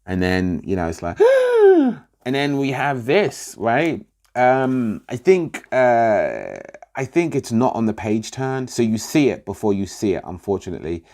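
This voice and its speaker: A man's voice: mid-range voice, very animated, measured pace, a little mellow. A middle-aged man casually reviewing a comic book, rambling with many fillers and restarts.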